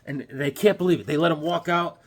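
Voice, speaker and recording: A man with a somewhat high-pitched voice chats his way through a comic book review. He rambles loosely, leans on fillers and tag questions, and slips in the odd pun. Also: fairly quick. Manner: jokey, with puns.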